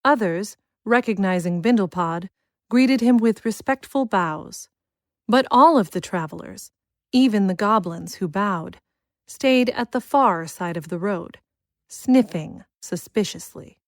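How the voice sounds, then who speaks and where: A woman's voice: medium pitch, no echo. Woman narrating a storybook, dry and close. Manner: measured, expressive storytelling. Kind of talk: scripted audiobook narration.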